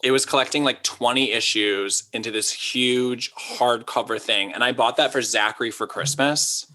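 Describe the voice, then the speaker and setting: A man's voice: mid-range voice, bright, forceful tone. A man co-hosting a casual podcast chat, rambling with lots of asides. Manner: chatty, quick asides, lots of "like". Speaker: podcast co-host.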